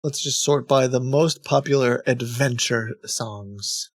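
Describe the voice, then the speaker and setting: A man's voice: mid-range voice, slow pace, dry recording, clean studio sound. A man streaming live, making casual, amused asides between readings.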